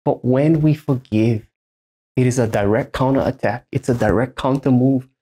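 A man from Hawaii in his thirties delivers a sermon from a church stage. He is emphatic and repeats his main points so they land. His pitch sits in the middle for a man. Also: normal speed, dark tone, slightly rough. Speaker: pastor.

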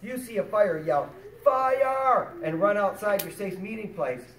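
A man voicing a patient, loving mother who calmly explains safety rules to her little boy. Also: sits high, brisk. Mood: instructive. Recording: roomy, distant, with children and noise.

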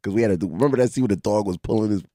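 A man's voice: lowish voice, very fast, dark tone, no echo, clean studio sound. A man hosting a radio show, joking crudely with his guests. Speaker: radio DJ host. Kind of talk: radio studio banter. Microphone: studio microphone.

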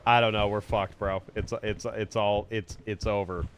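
Loud swearing man streamer. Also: on the low side, level tone, normal speed, a little hiss or hum. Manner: swears a lot, swings from muttering to shouting. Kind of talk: live gameplay commentary.

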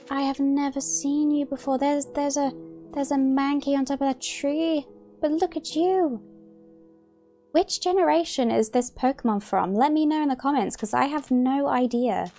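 A young woman commenting on her own game play, excitable and gasping, rambling as she plays. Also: sits high, moderate pace, faint music behind. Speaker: gaming YouTuber.

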